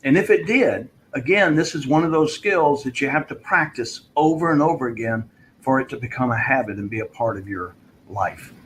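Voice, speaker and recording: Relaxed storytelling male coach. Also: medium pitch, normal speed, slight background noise, rough recording. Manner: storytelling, relaxed with filler words. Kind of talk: answering a viewer question in a live online session.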